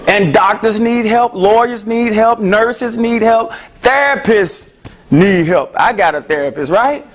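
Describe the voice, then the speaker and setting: High-voiced man giving a lively talk. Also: measured pace. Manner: lively, joking, asks the audience questions. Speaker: mental health speaker. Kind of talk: interactive health talk to an audience. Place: room with a live audience.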